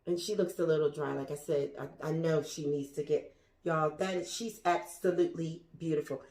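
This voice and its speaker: A woman's voice: low-pitched, fairly even intonation, moderate pace, darkish tone. A woman showing her houseplants to viewers in a chatty, gushing way, talking straight to the camera and sometimes dropping to a whisper. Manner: drops to a whisper at times. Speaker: plant vlogger. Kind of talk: casual show-and-tell to viewers. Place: indoors among houseplants. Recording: echoey room.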